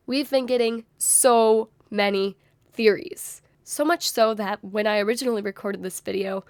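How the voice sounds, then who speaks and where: A woman's voice: on the high side, no echo. Strained-voiced young woman musing on theories. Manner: thoughtful, speculative. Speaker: YouTuber. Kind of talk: fan theory video essay.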